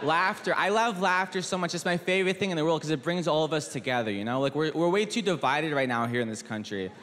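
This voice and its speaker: A man comedian delivers wry, deadpan setups in a fairly high voice. The reverberant hall carries his words. Audience noise hums underneath. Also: fast. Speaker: stand-up comedian. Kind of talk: stand-up comedy set. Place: large theater stage.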